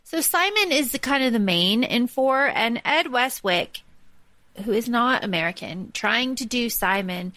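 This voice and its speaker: An animated woman co-hosts a casual podcast, her bright, slightly high voice heard close and dry. She talks in loose runs full of fillers and throws in scornful asides. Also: measured pace, no echo. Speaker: podcast co-host. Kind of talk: casual chat.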